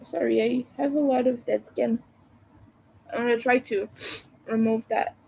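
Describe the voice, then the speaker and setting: Slow, hesitant Quebec-accented woman. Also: fairly high pitch, steady tone, creaky, dark tone, a little hiss or hum. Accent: Quebec French. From Quebec, Canada. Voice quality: meandering, hesitant delivery full of fillers. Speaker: livestreamer. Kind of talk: casual live-stream chat.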